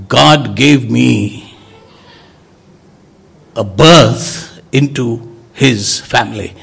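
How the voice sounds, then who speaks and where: A man preaching a sermon, emphatic, swinging from loud exclamations to soft low words. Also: extremely slow, gravelly, slightly rough.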